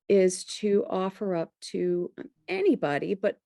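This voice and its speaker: A woman hosting a podcast interview, introducing her guest and then reflecting in a measured, deliberate way. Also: on the low side, animated, darkish tone, no room sound, clean studio sound. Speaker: podcast host.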